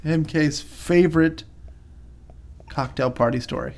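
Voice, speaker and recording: A man's voice: fairly high pitch, measured pace, darkish tone. A man co-hosting a podcast, telling crude, joking stories in casual chat. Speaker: podcast co-host.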